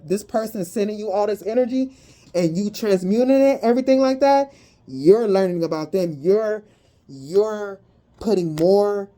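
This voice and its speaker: A woman on the low side of the pitch range reads tarot and energy for her viewers. She's animated and slangy, with abrupt whoops of excitement.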